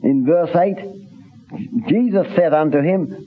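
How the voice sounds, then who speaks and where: Man giving a sermon, husky and a bit high, sounds like it's over a phone line. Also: animated. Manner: earnest, halting with repeated restarts, reads scripture in old phrasing. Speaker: preacher. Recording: tinny phone-like recording.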